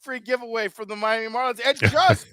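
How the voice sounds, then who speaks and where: A man hosting a sports talk show, ranting sarcastically and swearing freely in an animated way. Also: very high-pitched, brisk, no echo. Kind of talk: comedic sports talk rant.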